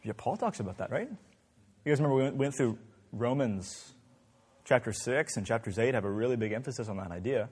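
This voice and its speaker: A man's voice: medium pitch, animated, fairly quick, darkish tone, husky, in a large hall. A man leading an interactive Bible class, asking the group many questions in a conversational way. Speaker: Bible study teacher.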